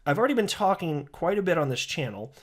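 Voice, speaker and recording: A crypto YouTuber with a fairly high voice talks quickly in solo commentary for his channel, reading tweets aloud. He rants in an animated, sarcastic way with mocking insults, sometimes stopping to correct himself and restart a line.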